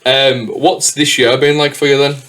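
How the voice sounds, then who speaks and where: A man's voice: medium pitch, steady tone, normal speed, fairly bright tone. A man hosting a podcast, telling rambling stories in casual chat and swearing freely. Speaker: podcast host.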